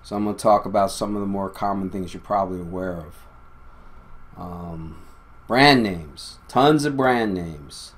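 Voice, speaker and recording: A man hosting his own video, talking casually and insistently to viewers, with an uneven pace and shifting loudness. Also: deep voice, a little slow. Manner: insistent, emphatic, often addressing viewers as "people". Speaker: video host. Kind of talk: casual monologue to camera.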